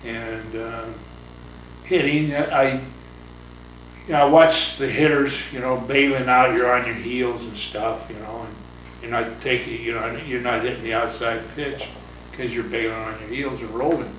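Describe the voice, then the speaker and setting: An older man and former ballplayer tells rambling stories in a casual interview, chuckling often and putting on other people's voices. He is heard from some distance in an echoey room, with clear background noise. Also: mid-range voice, steady tone, unhurried, a bit bright. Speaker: retired baseball pitcher and coach. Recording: roomy, distant mic, noisy ambience.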